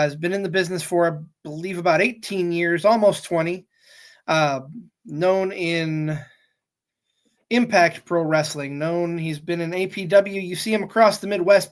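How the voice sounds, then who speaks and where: A man's voice: high voice, fairly bright tone. A man hosting a wrestling podcast, introducing a guest in a loose, chatty way. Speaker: podcast host. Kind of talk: casual show introduction.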